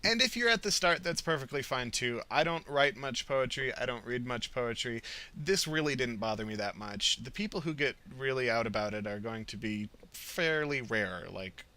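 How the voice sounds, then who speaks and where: A man's voice: medium pitch, expressive, moderate pace, sharp tone. A man co-hosting a casual writing podcast, easygoing, with many fillers and repeated words. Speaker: podcast co-host.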